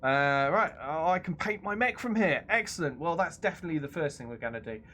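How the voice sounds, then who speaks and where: A man's voice: fairly high pitch, expressive, a little fast, pushed and bright, slight background noise. A British man hosting a game stream, giggly and self-mocking as he comments on the game. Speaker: streamer host. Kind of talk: gameplay commentary.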